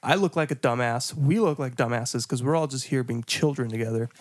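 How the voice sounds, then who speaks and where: A podcast co-host with a medium-pitched voice tells an embarrassing story at a brisk pace. The chat is casual and profane, and he breaks into laughter while acting out what he said.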